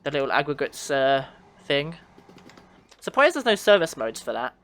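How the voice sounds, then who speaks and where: A man's voice: on the high side, big pitch swings, moderate pace, a bit bright. A man streaming a train simulator, chatting casually and answering his chat with frequent laughs. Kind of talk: casual livestream commentary.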